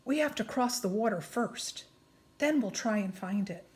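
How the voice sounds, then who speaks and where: A woman's voice: medium pitch, lively intonation, normal speed, lightly acted. A woman voicing a careful, thoughtful young boy in a children's story, earnest and cautious.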